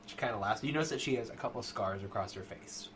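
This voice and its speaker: A man's voice: lowish voice, fast talker, a bit bright, a little hiss or hum. A man narrating a tabletop game as game master, in a loose, giggly way.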